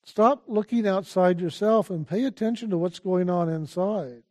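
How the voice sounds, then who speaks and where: An older man whose voice sits high speaks as a spiritual teacher. He talks calmly and slowly, repeatedly urging listeners to be attentive.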